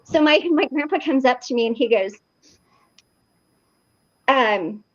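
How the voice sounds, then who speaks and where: A woman telling a lively personal story in a casual online meeting, full of fillers and acted-out quotes. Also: sits high, unhurried, pauses often, muffled recording. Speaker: recovery meeting participant. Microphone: video call.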